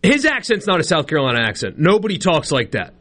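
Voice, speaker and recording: A man's voice: a little high, wildly swooping pitch, fast talker, fairly bright tone. A man, co-hosting a sports talk radio show, telling rambling, self-mocking stories in casual banter. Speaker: co-host.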